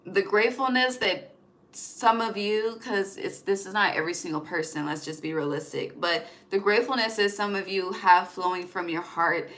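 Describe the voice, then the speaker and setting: Young woman reading tarot cards casually, loose and profane, with a bright, forward voice. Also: medium pitch, fairly even intonation, moderate pace. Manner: chatty, profane, laughs often, sings snatches of songs. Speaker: tarot reader.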